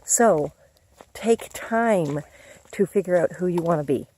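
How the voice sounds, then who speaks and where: A woman's voice: on the low side, expressive, slow, dark tone, a little hiss or hum. A middle-aged woman vlogging in a chatty, encouraging way, laughing often as she talks. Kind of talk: casual motivational vlog.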